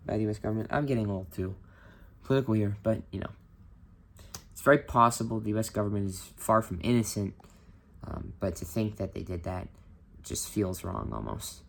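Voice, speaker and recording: A man with a fairly low voice gives a relaxed, unscripted rundown of history for his vlog. He talks informally and openly shares his opinions. He often pauses on a filler "um". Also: vocal fry. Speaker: history vlogger. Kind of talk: casual explainer.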